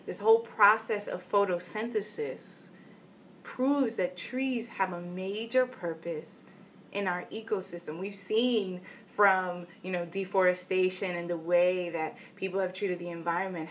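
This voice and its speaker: A woman's voice: lowish voice, fairly even intonation, unhurried, a bit bright, slight background noise. A woman vlogger giving an earnest motivational talk, telling a story and checking in with "right?" asides. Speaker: inspirational vlogger.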